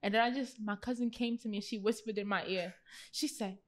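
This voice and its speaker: A young woman guest on a podcast, casually telling a lively, slangy story and laughing as she goes. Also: mid-range voice, fairly quick, noisy background. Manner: animated, slangy, laughs through her story.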